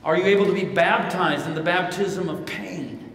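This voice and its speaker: A man's voice: sits high, moderate pace, a little hiss or hum. A man who is a pastor from Missouri answering questions at a live conference, telling stories and quoting scripture. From Missouri, United States. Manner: storytelling, quotes scripture in lively voices. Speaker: pastor and keynote speaker. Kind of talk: live Q&A answer, preaching style. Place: large hall at a conference. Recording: echoey hall, picked up from a distance.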